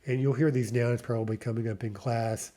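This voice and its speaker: A man teaching a vocabulary lesson, saying each word slowly and repeating it, with patient explanations. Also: mid-range voice, steady tone, warm tone. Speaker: language teacher.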